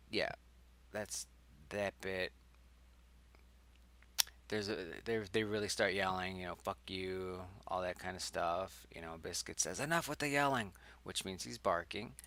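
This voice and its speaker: Speaking slowly in a low, steady voice with frequent pauses, a young man thinks aloud while reading his own screenplay in casual chat. He wanders off track, corrects himself, and now and then falls to a hushed whisper.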